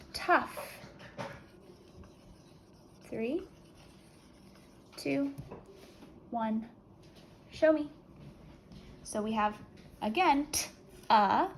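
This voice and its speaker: A woman teacher dictates spelling words in a slightly raised, patient voice, taking her time over every sound. She counts down calmly before checking the letters with her class. A faint hiss sits under the recording. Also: a little high, poor audio. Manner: slow, clear, deliberate word-by-word dictation with countdowns.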